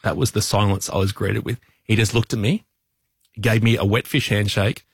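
Husky radio co-host. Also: male voice, fairly low pitch, normal speed, no echo, clean studio sound. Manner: animated storyteller, self-mocking. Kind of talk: casual radio banter. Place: radio studio.

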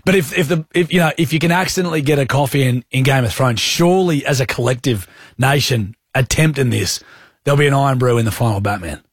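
A man with an Australian accent, bantering casually as a radio host in a jokey, excitable way. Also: mid-range voice, breathy edge, no echo, clean studio sound. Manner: jokey, excitable, quick asides.

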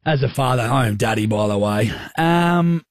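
A young Australian man co-hosting radio, telling a rambling, self-mocking story in a husky voice. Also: medium pitch, lively intonation, moderate pace, dry recording, studio quality. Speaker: radio co-host. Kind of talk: casual storytelling chat. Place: radio studio.

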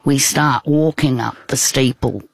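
Slow, husky woman telling a story. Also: rumbling low, fairly even intonation, no room sound. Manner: rambling and hesitant, with many restarts. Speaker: guest. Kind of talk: personal storytelling in conversation.

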